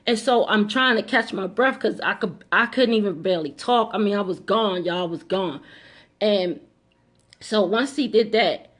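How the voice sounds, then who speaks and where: A woman's voice: medium pitch, normal speed. A middle-aged woman telling a personal story to camera in an emphatic way, repeating lines and speaking straight to her audience. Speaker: vlogger.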